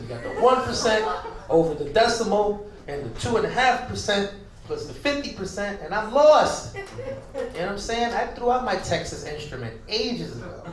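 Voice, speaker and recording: A brash, fast-joking stand-up comic from the Bronx, with a New York accent and a high voice. He riffs profanely with the audience in an echoey loft. A packed crowd laughs loudly around him. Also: sing-song. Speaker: stand-up comedian. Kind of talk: stand-up comedy with crowd work. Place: packed loft comedy venue, indoors. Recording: echoey room with loud crowd. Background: laughing live crowd.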